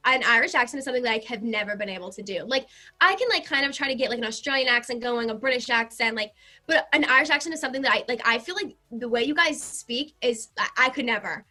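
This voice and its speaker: Bubbly high-voiced American young woman. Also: bright, forceful tone. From United States. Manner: bubbly, rapid, many "like" fillers. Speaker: guest. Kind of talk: casual chat.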